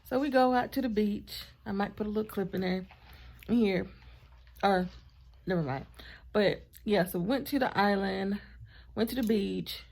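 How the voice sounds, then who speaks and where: A woman vlogger telling a storytime in a chatty, animated way, with asides to her partner off camera. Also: mid-range voice, normal speed, gravelly, pauses often. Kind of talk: casual storytime vlog.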